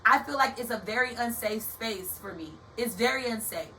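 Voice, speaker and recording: A young woman hosting a motivational podcast in a casual, animated way, calling her listeners baby and y'all, like a preacher. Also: fairly high pitch, moderate pace. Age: young adult. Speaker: podcast host. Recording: distant from the mic with faint background hiss.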